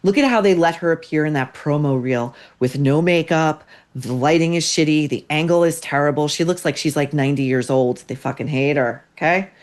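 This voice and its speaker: A woman's voice: low-pitched, brisk, few pauses, darkish tone. A woman hosting a commentary podcast, ranting bluntly with profanity and biting sarcasm. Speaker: podcast host. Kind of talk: opinionated commentary.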